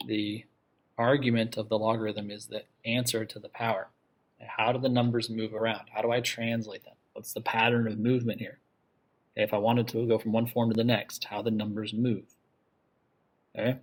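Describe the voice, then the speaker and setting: The voice is a man's, fairly low in pitch with little pitch movement, delivered at a moderate pace. He is giving a math lecture in class, explaining in steps, frequently asking "okay?" to confirm understanding, quizzing the students and repeating what matters most.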